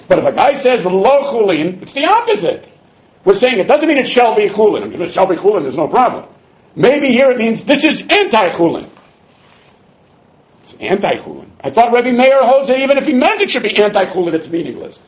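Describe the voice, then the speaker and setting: Animated high-voiced man teaching Talmud. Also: dull audio. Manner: animated, exasperated, sarcastic teaching with Hebrew-Aramaic terms. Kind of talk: Talmud class lecture.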